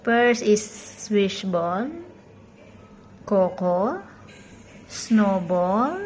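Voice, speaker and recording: A woman with a Filipino accent, talking to her pets in sing-song baby talk with soft hums. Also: medium pitch, animated, very slow, slight background noise. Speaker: pet owner vlogger.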